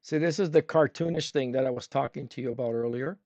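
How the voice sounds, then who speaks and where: A man's voice: medium pitch, quick pace, a little mellow, dry recording. Man, painting teacher, chatty, quizzes viewers while he paints, dry close sound, slightly dull audio. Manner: talks with a brush in his mouth at times. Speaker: art instructor. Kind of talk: livestream painting demo.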